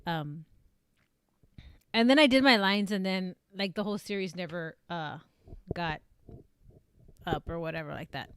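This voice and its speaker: A woman streamer who does amateur voice acting, chatting casually and rambling with many fillers and restarts in a fairly flat delivery. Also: measured pace, pauses often, clear, resonant tone. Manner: flat, low-emotion delivery. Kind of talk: casual live-stream chat.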